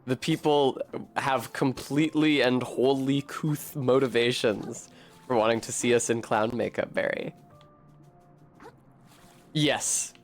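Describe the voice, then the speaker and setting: A man streaming a game in a mid-pitched voice, talking casually and wryly to his chat with plenty of swearing. Soft game music plays quietly behind him. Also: steady tone, takes it slowly, long pauses. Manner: wry, profane, chatty with viewers. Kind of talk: casual gameplay commentary.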